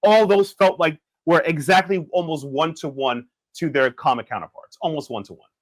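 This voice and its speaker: A man co-hosting a podcast in casual chat, jokey and animated, now and then slipping into loud bits. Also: on the high side, normal speed, dry recording, rough recording. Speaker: podcast co-host.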